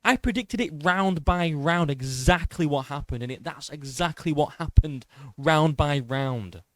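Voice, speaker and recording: A young man recapping a fight in an excitable, boastful way, swearing and tripping over his words. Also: a little high, a little slow, no echo. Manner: boastful, excitable, swears a lot, stumbles and repeats. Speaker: MMA YouTuber.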